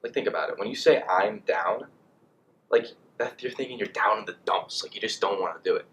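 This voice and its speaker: A young man in college vlogging casually, rambling and animated with lots of fillers. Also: fairly low pitch, fairly quick, slight background noise. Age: young adult. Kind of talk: casual monologue to camera.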